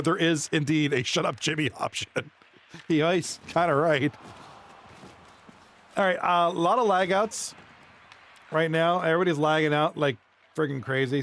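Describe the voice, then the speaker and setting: Male live streamer, chatty and excitable, slightly raised pitch. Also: slight background noise. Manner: rambling, excitable, chats with viewers. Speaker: live streamer and league commentator. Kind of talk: casual live-stream chat.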